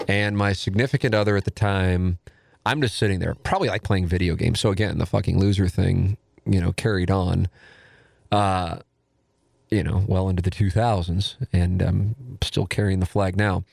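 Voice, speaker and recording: A man's voice: low voice, fairly even intonation, moderate pace, gravelly, darkish tone, no echo, studio quality. A man in his forties, a podcast host, telling a rambling, self-deprecating and profane story in casual talk.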